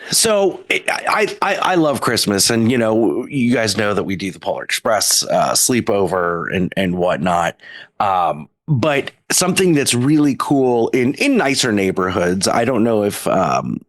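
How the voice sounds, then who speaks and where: A man talks on a podcast with a lively, wide-ranging pitch. He tells excitable personal anecdotes in a casual way. The recording is dry. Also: a little slow, no room sound. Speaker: podcast co-host. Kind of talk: casual chat.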